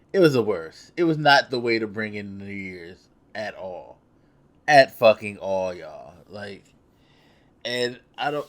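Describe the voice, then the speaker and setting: Man telling a profane story, laughing. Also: on the low side. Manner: loose, profane, laughing at himself. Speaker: vlogger. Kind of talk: casual storytelling.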